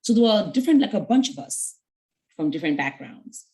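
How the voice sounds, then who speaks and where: A woman's voice: mid-range voice, big pitch swings, a little fast, warm tone, rough recording. A woman giving an earnest mentoring talk to young women, conversational and full of stories with quoted dialogue. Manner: conversational with fillers.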